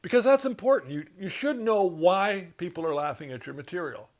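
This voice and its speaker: A man teaching comedy writing to camera, in an instructional talk with dry, deadpan asides. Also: high-pitched, a little fast.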